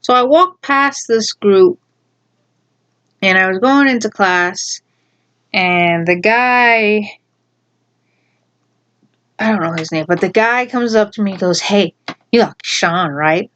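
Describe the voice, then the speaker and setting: A woman telling a story from her school days in a casual, rambling way, repeating herself and adding animated asides. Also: medium pitch, slow pace, pauses often. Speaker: storyteller vlogger.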